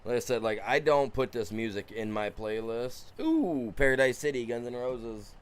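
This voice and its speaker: A man's voice: medium pitch, fairly even intonation, moderate pace, smooth. Grumbling man streaming a farm game. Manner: frustrated grumbling, swings between mutters and loud outbursts at the game; sings along off-key to music. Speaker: gaming streamer. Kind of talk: casual live-stream commentary.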